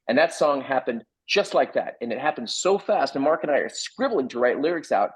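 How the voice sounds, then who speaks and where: Husky middle-aged man telling a lively story. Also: mid-range voice, fairly quick, few pauses, rough recording. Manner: lively, acts out other people's lines in quoted voices. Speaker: playwright guest. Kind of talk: animated storytelling anecdote.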